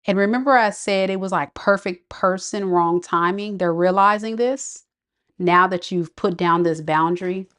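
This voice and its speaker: A woman's voice: medium pitch, moderate pace, fairly bright tone. Chatty woman giving a tarot reading. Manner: chatty, reacting to viewer comments. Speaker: tarot reader.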